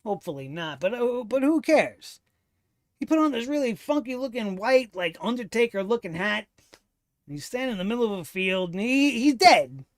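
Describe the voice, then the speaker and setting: A man's voice: high voice, expressive, normal speed, dry recording. A man hosting a wrestling review show, talking in a sarcastic, exasperated way and swearing freely. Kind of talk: casual commentary review.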